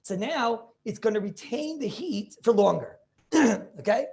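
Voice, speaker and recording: A man's voice: high voice, lively intonation, unhurried, gravelly, darkish tone. A man teaching a Talmud class over a video call, thinking aloud with many restarts and questions to his students.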